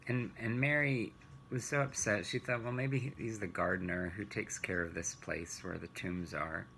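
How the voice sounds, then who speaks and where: A man teaching a children's Bible lesson, retelling the story gently and asking rhetorical questions. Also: fairly low pitch, steady tone, normal speed, vocal fry, slight background noise, poor audio.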